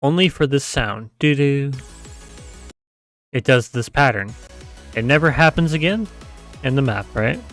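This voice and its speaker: A man's voice: medium pitch, animated, moderate pace, a bit bright, soft background music. A man giving a casual screen-share tutorial, explaining step by step, often checking with "right?" and humming the sounds he describes. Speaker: mapping tutor.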